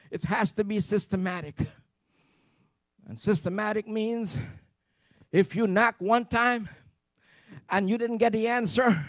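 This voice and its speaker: A man preaching a fervent sermon to his church, building to loud repeated refrains. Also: sits high, no room sound. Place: church service.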